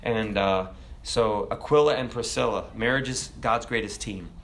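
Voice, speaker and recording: A middle-aged man preaching a sermon as a pastor, telling stories and jumping from loud, high bursts to soft, low asides. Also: normal speed. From America. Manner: animated storytelling preacher, jumps loud and high then drops soft.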